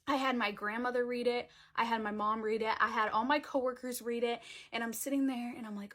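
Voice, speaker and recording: A woman's voice: on the high side, a little fast. A young woman telling a story in a casual storytime vlog, chatty and dramatic, with lots of "like" fillers. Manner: chatty, heavy use of "like" fillers; dramatic, animated retelling.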